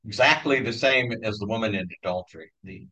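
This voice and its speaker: A man's voice: lowish voice, brisk, sharp tone. A man in a Bible study group, chiming in with brief remarks during a casual discussion. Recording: dull lo-fi recording.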